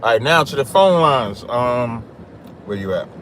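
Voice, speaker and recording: New man hosting a livestream, mid-pitched, faint outdoor noise behind. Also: expressive, a little slow, fairly bright tone. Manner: talks over interruptions, reads scripture aloud. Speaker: livestream host. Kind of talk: call-in livestream debate.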